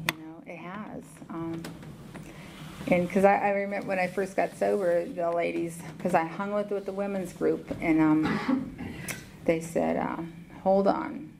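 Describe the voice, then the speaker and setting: A middle-aged woman with a Southern US accent giving a personal talk at a recovery meeting, halting, with many ums and restarts. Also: on the low side, vocal fry, a little mellow, a little hiss or hum, low-quality recording. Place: meeting hall.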